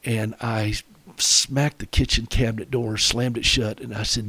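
A middle-aged man speaking earnestly to fellow caregivers, owning up to his own failings. His voice is husky, and the sound is close and dry with no room around it. He slows right down when he reads a quote or a verse. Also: mid-range voice, fairly even intonation, a bit bright, no echo. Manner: earnest, confessional, reads quotes slowly and deliberately. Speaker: radio host for caregivers. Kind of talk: reflective radio talk with scripture readings.

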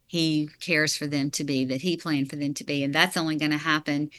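Woman, middle-aged, author guest, bright forceful tone, slightly low pitch, earnest explanatory interview talk. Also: level tone, brisk. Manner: earnest, explanatory, with light laughs. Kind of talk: interview answers.

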